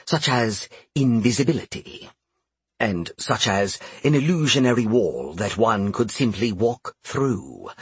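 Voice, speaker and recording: Guarded male duke, audiobook, measured and dry, low husky tone, read by a male narrator. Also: no room sound, heavily acted.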